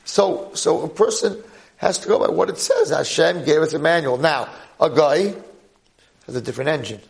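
An older American man, a rabbi, giving a jokey, animated class full of rhetorical questions. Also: on the high side, moderate pace, creaky. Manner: jokey, acts out quoted voices, punchy rhetorical questions. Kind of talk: animated storytelling lecture.

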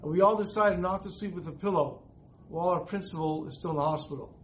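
A man's voice: high voice, quick pace, slight background noise, close to an everyday voice, rough recording. A man voicing a sincere teenage girl. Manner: sincere, explaining plainly.

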